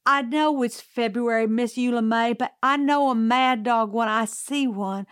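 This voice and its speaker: A woman reading aloud who voices a brisk, no-nonsense housekeeper in a storybook, firm and loud. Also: fairly high pitch, smooth, no room sound, studio quality, natural voice. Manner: firm, scolding, calls out loudly.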